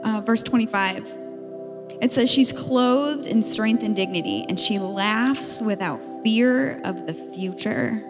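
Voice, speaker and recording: A woman in her thirties teaches from a conference stage in a casual, chatty way, full of little fillers. Her voice rings with long reverb in a big hall while music plays clearly beneath her. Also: medium pitch, lively intonation, slow pace, hardly any pauses. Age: 30s. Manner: chatty and playful, with lots of "like" and laughter. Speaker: podcast co-host speaking at a marriage conference. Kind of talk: conference talk, teaching from scripture. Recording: live hall recording with reverb and music under it.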